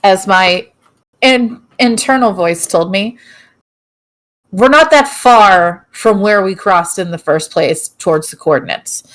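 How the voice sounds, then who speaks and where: A woman's voice: medium pitch, takes it slowly. A woman playing a tabletop game, blunt and swearing freely as she thinks aloud. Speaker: player. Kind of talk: tabletop role-play chat.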